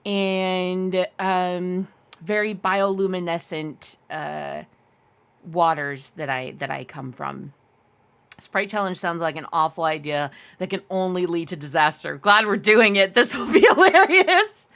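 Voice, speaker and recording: A woman's voice: lowish voice, fairly even intonation, a little slow, vocal fry, a bit bright, smooth. A young adult woman live-streaming, chatting casually with her viewers in a giggly, rambling way and answering chat aloud.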